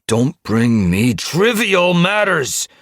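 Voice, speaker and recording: A man's voice: on the low side, animated, takes it slowly, a little mellow, slightly rough, dry recording, clean studio sound, pitched above the performer's own voice, heavily acted. A man voicing a menacing, unhinged male cat who leads a clan, snarling cold threats in an audiobook. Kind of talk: audiobook character voice.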